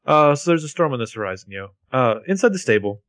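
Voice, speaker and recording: A man's voice: mid-range voice, very animated, fast talker, a bit bright, no echo. Male podcast co-host, mid-range voice, jokey rambling recap, dry close sound. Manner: jokey, rambling narration of the plot. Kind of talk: casual recap chat.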